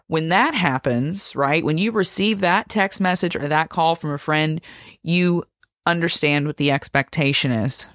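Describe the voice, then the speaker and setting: A woman's voice: low voice, moderate pace, a bit bright, no room sound, clean studio sound. A woman giving an earnest explanatory talk, emphatic and often checking in with "right?" and "okay?". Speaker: speaker explaining a psychology topic. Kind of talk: explanatory monologue, podcast-like.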